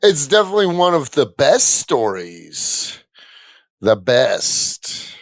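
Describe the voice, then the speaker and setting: Loud, slow-talking man on a podcast. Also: mid-range voice, sing-song, no echo. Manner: loud, boisterous. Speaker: comedian guest. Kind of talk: casual chat.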